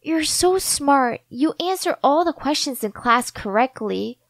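A woman voicing a sweet, insecure teenage schoolgirl who speaks softly and pleads shyly. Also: high voice, animated, a little slow, dry recording. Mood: tearful. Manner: soft, shy and pleading.

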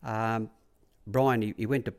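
A low-pitched Australian man tells long stories in an easy, conversational way. He rambles and often repeats "I said" and "he said" as he sets up each scene. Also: fairly even intonation, unhurried. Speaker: racehorse track rider. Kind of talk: casual anecdotal storytelling.

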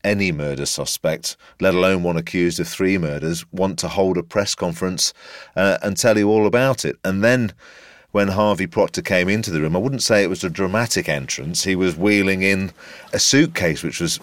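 Deep male reporter, deliberate and descriptive, very dry studio sound. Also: dry recording. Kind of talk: interview and recollection.

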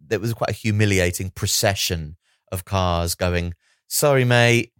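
A man co-hosting a podcast, chatting casually with wry, deadpan asides. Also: low-pitched, normal speed, smooth, no room sound, clean studio sound. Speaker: podcast co-host. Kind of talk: casual comic chat.

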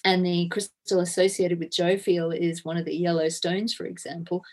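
A woman guest on a podcast, chatting in a warm, rambling way. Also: on the low side, flat delivery, normal speed, husky. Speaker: guest author. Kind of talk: casual interview chat.

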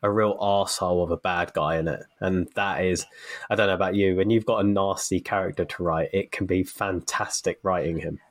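A man's voice: sits low, fairly even intonation, fairly quick. A man co-hosting a podcast. He chats casually and tells anecdotes, with plenty of fillers and restarts, while getting over a cold. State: recovering from a cold. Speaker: podcast co-host. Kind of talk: casual chat.

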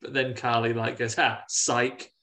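A man with an English Midlands accent, co-hosting a casual film review chat and retelling scenes with animated character voices. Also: medium pitch, unhurried. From England. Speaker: podcast co-host.

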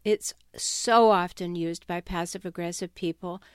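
A woman speaking as a self-help author, talking straight to her listeners with a wry, no-nonsense edge. Her voice is smooth and resonant, and the recording is close and dry with no room sound. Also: fairly low pitch, fairly even intonation, a little slow, no room sound. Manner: wry, direct, with uneasy laughs. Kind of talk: conversational talk to camera or listeners.

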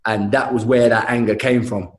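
A man's voice: medium pitch, moderate pace, reverberant. A young man telling a story animatedly in a casual chat, with frequent restarts and slang. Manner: animated storytelling, says mate a lot.

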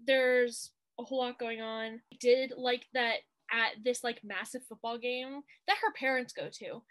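This woman co-hosts a podcast, animatedly going over a TV movie in casual conversation and voicing its scenes playfully. Her voice is on the high side and fairly bright, with fairly even intonation at a measured pace.

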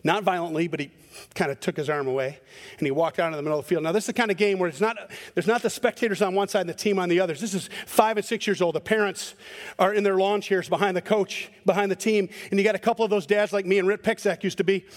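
Storytelling man, pastor, sermon, animated, repeats words, reverberant church. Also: high voice, fast. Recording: long hall reverb.

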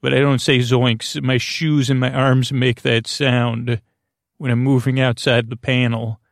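A man hosting a sleep podcast, talking in a meandering way with lots of fillers and restarts, with a creaky voice. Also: medium pitch, level tone, unhurried, no echo, studio quality. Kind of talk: rambling bedtime monologue.

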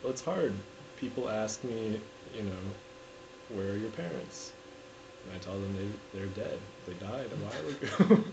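A man playing a forty-year-old who insists he is only ten years old, earnest and deadpan in an improvised comedy interview. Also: lowish voice, moderate pace, vocal fry, crowd noise, poor audio. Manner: deadpan, earnest, breaks into laughter. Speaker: interview guest.

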